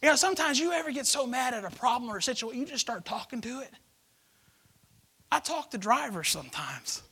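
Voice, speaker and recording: High, bright-voiced preacher swinging loud and hushed. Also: male voice, big pitch swings, a little fast, husky. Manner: swings from shouting to hushed whispers; acts out the story in character voices. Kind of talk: sermon.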